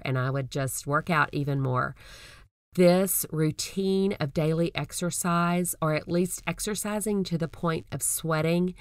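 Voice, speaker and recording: A middle-aged woman hosting her own podcast, talking in an earnest, folksy and gently encouraging way. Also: low-pitched, no echo, clean studio sound. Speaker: podcast host. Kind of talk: personal podcast talk.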